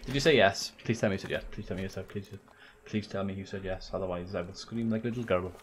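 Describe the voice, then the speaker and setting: A man's voice: low-pitched, quick pace, slight background noise. A young man streaming a video game, joking, swearing and chatting to his viewers. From Wales. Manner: sweary, joking, talks to chat. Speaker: gaming streamer. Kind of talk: casual let's-play commentary.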